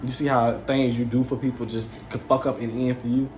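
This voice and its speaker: A young man casually telling a story to camera, animated, slangy and swearing freely. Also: medium pitch, brisk, a little hiss or hum.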